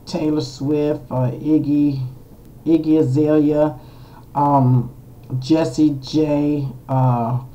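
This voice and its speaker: A blunt, chatty vlogger talks straight to the camera in a loose, unscripted way. The voice is mellow and dark in color, sitting at a middling pitch. The delivery wanders through fillers and frank asides. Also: low-quality recording. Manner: blunt and outspoken, with the odd curse. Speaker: vlogger doing astrology readings. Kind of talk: casual opinionated commentary to camera.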